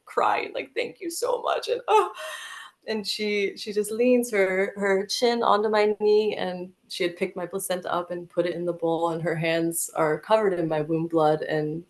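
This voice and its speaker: A low-voiced American woman with a gravelly fry tells a personal story as a podcast guest. She talks vividly and emotionally, leaning on "like" as she goes. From United States.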